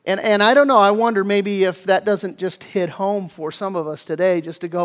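A man with a high voice delivers a sermon from the pulpit, pressing his points hard and often restarting mid-phrase. He swings from loud emphasis down to a hushed near-whisper in tender moments. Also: steady tone, moderate pace, few pauses. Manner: emphatic preaching with many restarts, voicing biblical figures in quotes. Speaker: pastor.

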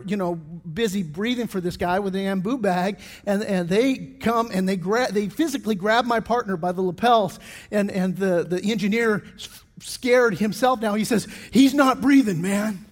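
A man's voice: sits high, normal speed, big-room sound. A middle-aged man preaching a sermon as pastor, telling stories with many restarts and fillers.

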